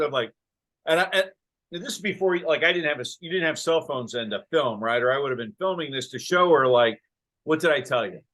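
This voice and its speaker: Animated storytelling male podcast host. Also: on the high side. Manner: animated storyteller who acts out quotes. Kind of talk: casual interview chat with storytelling.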